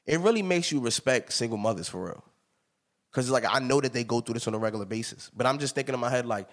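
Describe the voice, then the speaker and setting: A man in his thirties hosting a podcast, telling stories in an emphatic, animated way with plenty of laughter. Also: medium pitch, fast talker. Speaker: podcast host. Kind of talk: casual chat.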